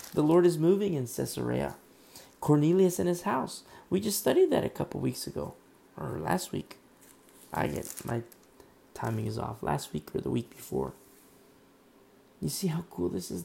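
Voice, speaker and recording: A hoarse male pastor talks through a sermon in a casual, rambling way with plenty of fillers. His worn-out voice is thick with gravel and sounds mellow and dark. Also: mid-range voice, a little hiss or hum. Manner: conversational, rambling, full of fillers and asides.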